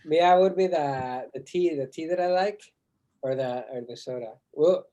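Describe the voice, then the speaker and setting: A man's voice: moderate pace, mellow. Easygoing male co-host, short replies. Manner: low-key, agreeable, brief replies. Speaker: film professor, co-host. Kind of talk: casual film review chat.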